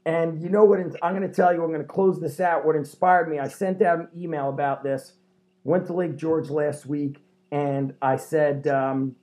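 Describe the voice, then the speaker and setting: Male podcast host, lively storyteller, warm mellow tone, slightly high voice. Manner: animated storyteller, swears, laughs often. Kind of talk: casual chat.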